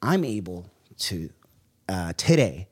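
A man in his thirties from the Bay Area, telling stories from his past as a guest in a podcast interview, animated and full of slang. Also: sits low, slow pace, husky. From Bay Area, California. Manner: animated storytelling with slang and laughs. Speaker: guest, business owner and former police officer.

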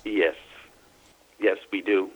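A middle-aged man, a guest author, recounting his experiences in a halting way, repeating words as he searches for them. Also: sits low, steady tone, rough recording. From Louisiana, US. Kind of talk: casual interview, recounting personal experiences.

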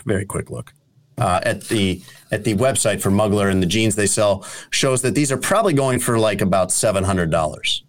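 A male host of a casual sports talk show, with a dry, teasing delivery. His pitch moves a lot as he talks, and he often pauses on a hesitant "uh" while he works through a story.

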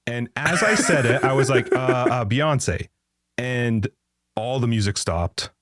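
A man's voice: mid-range voice, animated, a little slow, fairly bright tone, dry recording, studio quality. A man hosting a podcast, telling rambling anecdotes in casual chat and laughing often. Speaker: podcast host.

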